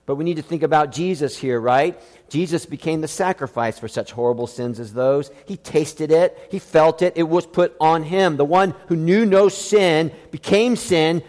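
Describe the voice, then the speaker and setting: A man's voice: a little high, a little mellow, in a large hall. A man preaching a sermon as a pastor, emphatic, with many rhetorical questions.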